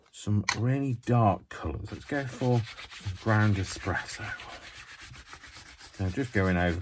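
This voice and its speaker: A man with a deep, low voice talks through a craft tutorial at home, chatty and loose, often mocking himself as he goes. A faint hiss sits under the recording. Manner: rambling, self-mocking asides. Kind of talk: chatty hands-on demonstration.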